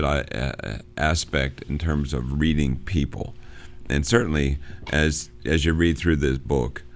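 A middle-aged man giving an informal lecture on a novel as a literature teacher, halting, with many fillers and restarts. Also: very deep voice.

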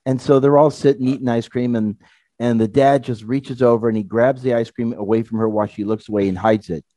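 A middle-aged man co-hosting a podcast in casual chat, telling a lively story. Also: medium pitch, a little fast, dry recording. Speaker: podcast co-host.

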